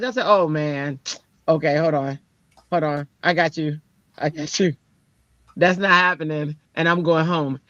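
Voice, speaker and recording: A woman's voice: measured pace, no room sound, highs cut off. A woman, a teacher, telling a personal story in casual chat and acting out the people she quotes. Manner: animated, acts out quoted people with jumps in pitch.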